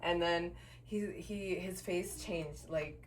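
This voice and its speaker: A woman's voice: on the low side, takes it slowly, recorded from a distance, a little hiss or hum. A woman co-hosting a podcast, casually telling a story and acting out the people in it, swearing freely. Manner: animated storytelling, acts out the people she quotes. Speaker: podcast co-host. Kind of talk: casual chat.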